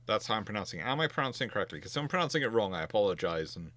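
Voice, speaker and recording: A man's voice: fairly low pitch, very animated, rapid-fire, a bit bright. A man hosting a naval history livestream, answering viewer questions in a chatty, emphatic way, thinking aloud with frequent restarts. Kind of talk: casual livestream Q&A.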